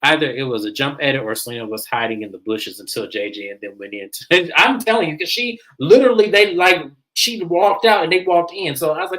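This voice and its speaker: A woman with a lowish voice hosts a casual recap chat. She talks bluntly and swears freely. She jumps into animated voices when she acts out quotes. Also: fairly quick, rough recording. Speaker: show host reviewing a reality series.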